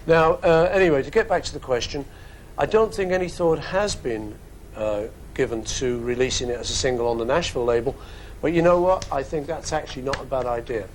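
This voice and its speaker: A man's voice: mid-range voice, fairly quick, a little hiss or hum, poor audio. Jokey Liverpool man in his fifties. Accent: Liverpool English. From England. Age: 50s. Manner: jokey, chatty, wandering asides. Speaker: host answering fan questions. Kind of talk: casual webcast Q&A. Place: studio.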